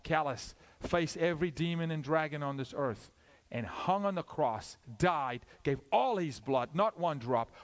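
A male guest preacher, giving a sermon that swings from loud, high peaks to hushed, low asides.

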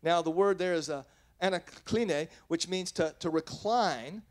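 A man's voice: fairly high pitch, measured pace. A man preaching a sermon as pastor, earnest and plain-spoken, reading scripture and then explaining it, often restarting his sentences. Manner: earnest, with frequent restarts and self-corrections.

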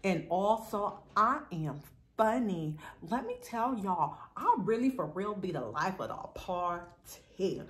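A woman's voice: mid-range voice, very animated, slow. A middle-aged woman chatting affectionately and playfully to camera as a vlogger. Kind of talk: casual chat to camera.

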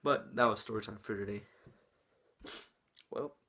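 A man's voice: on the low side, a little slow, pushed and bright. A young man telling a casual story-time vlog, rambling with lots of "like" and restarts while showing moves with his hands.

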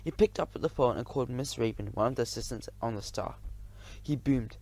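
A man narrating a children's audiobook in the first person, lively and expressive. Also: medium pitch, brisk, vocal fry.

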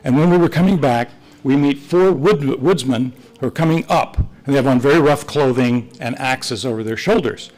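A man's voice: medium pitch, moderate pace, darkish tone, poor audio. An older man, a retired missionary priest, telling stories to a church class and acting out the dialogue. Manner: rambling anecdotal, acts out dialogue with quoted voices. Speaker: retired missionary priest teaching Sunday school. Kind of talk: storytelling talk to a church class.

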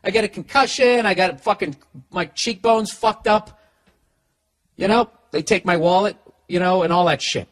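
A man's voice: high-pitched, moderate pace, no room sound. A middle-aged man with a Boston accent, rambling through a profane, sarcastic comic monologue as a podcast host. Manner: profane, sarcastic, talks to his dog.

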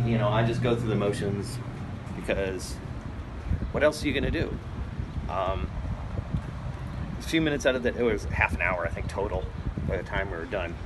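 A man's voice: mid-range voice, noisy background. A man vlogging a casual first-person story at home, rambling and plain-spoken with many fillers. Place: his apartment and building, walking around.

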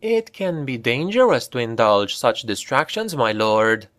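A man voicing a cunning elf enchantress woman in an audiobook, speaking in a soft, measured, melodious way. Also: medium pitch, very animated. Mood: persuasive.

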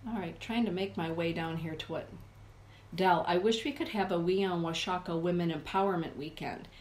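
A woman hosts a live spiritual stream, speaking in a somewhat low voice. She reflects aloud and addresses her viewers by name. The sound carries a roomy echo from the indoor space. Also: normal speed, a little mellow. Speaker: host reading oracle cards for live chat viewers. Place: indoor room with a forest view.

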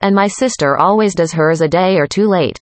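Woman reading practice dialogues, low voice. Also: normal speed, no room sound. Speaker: dialogue reader. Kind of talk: scripted conversation practice.

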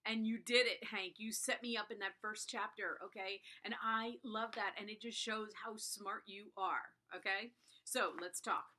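A woman's voice: medium pitch, fairly even intonation, moderate pace, sharp tone. A middle-aged woman reviewing a book to camera in a chatty, gushing way, often checking in with her viewers. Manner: gushing, chatty, keeps asking "okay?". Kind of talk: casual chat to camera.

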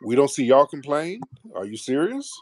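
A man's voice: medium pitch, big pitch swings, normal speed, no echo, clean studio sound. A man hosting a call-in show, sarcastic and combative, trading insults with callers and calling them sir.

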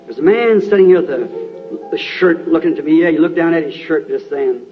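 Preacher calling out to a crowd, dull old tape. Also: male voice, on the high side, lively intonation, normal speed. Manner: calls out to the crowd with short repeated questions. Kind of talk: healing-service sermon. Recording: dull lo-fi 1960s tape with organ music.

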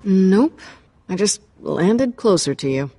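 An actress playing a young con artist in a game, cool and sarcastic under pressure. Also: female voice, mid-range voice, lively intonation, takes it slowly, warm tone, breathy edge, full character voice. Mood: defiant. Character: defiant young female con artist, sharp-tongued.

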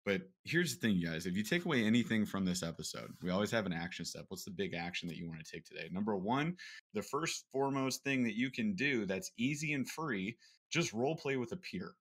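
Energetic low-voiced man co-hosting a podcast. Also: fairly quick. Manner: energetic, acts out quoted coaching lines. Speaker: podcast co-host. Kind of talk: casual sales podcast talk.

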